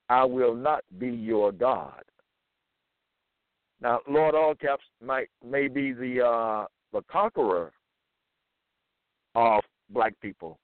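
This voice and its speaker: Slow man on a tinny line. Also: medium pitch, no echo. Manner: slow, deliberate, quotes verses with emphasis. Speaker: religious teacher. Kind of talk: scripture lecture. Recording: tinny phone-like sound.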